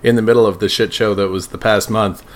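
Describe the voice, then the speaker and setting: A man's voice: on the low side, steady tone, fast talker. A man co-hosting a podcast in casual chat, rambling, swearing and laughing often. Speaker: podcast co-host.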